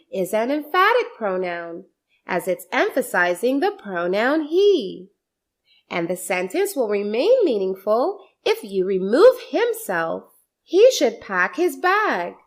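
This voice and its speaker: Reading a scripted grammar lesson, a woman with a voice on the high side takes her explanations slowly and deliberately. She repeats numerous example sentences.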